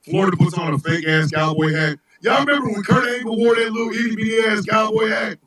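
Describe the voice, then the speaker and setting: A man hosting a live talk show, ranting comedically in a profane, animated way, often shouting. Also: high voice, fast, a crowd in the background, low-quality recording. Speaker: host.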